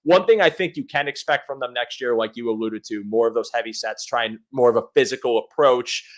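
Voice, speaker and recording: A young man hosting a podcast, talking in a loose, casual way. He laughs easily and riffs along with his guest, and his voice sits at an ordinary pitch for a man. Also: brisk. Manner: laughs often, easygoing banter. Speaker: podcast host. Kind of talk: casual chat.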